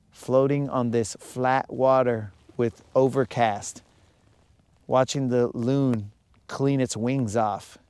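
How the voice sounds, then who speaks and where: A man with a clear, resonant, slightly mellow medium-pitched voice, recorded dry, hosts a live fishing stream from his boat on a lake. He rambles and jokes casually, reading and answering viewers' comments as he goes.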